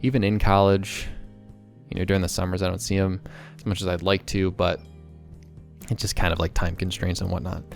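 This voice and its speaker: A young man talking candidly to camera in a rambling, excitable vlog monologue. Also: low-pitched, vocal fry, faint music behind. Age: young adult. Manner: excitable, rambling, quick bursts. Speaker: vlogger.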